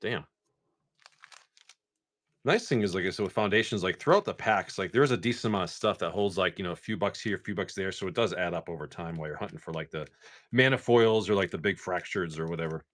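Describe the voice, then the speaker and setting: A man's voice: low-pitched, fast, fairly bright tone. A man from Massachusetts hosting a casual live stream, rambling in a laid-back way and swearing freely. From Massachusetts, USA.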